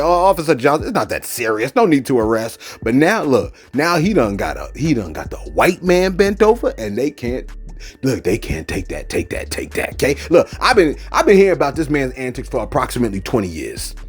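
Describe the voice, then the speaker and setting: With a medium-pitched, slightly breathy voice, a man delivers casual reaction commentary. He's animated and repetitive, often circling back with "look" and "you know what I'm saying."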